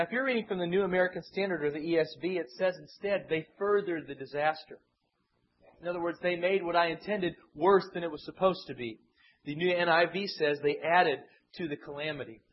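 A man with a high, husky voice preaches verse by verse and leans into the voices he quotes. His delivery swings between loud, pleading outbursts and low, quiet asides. The recording is muffled and lo-fi. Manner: dramatic, acts out quoted voices. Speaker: pastor. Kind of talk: expository Bible sermon.

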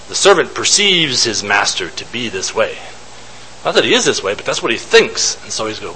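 A man's voice: medium pitch, animated, brisk, sharp tone, slight background noise, poor audio. A man giving an informal Bible teaching, thinking aloud and posing rhetorical questions to his listeners.

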